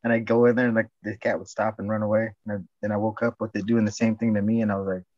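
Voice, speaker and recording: A man's voice: lowish voice, little pitch movement, fast talker, darkish tone, dry recording. A man talking casually in a loose, repetitive way, swearing often. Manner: repetitive, profane, loose talk. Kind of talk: casual chat. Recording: dull, lo-fi, dry recording.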